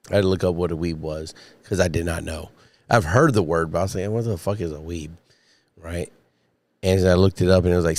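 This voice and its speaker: Low-pitched and darkish in tone, his voice is still recovering from a recent illness as he rambles, swears, and talks to viewers on his solo livestream. He records dry through a studio mic and podcast mixer.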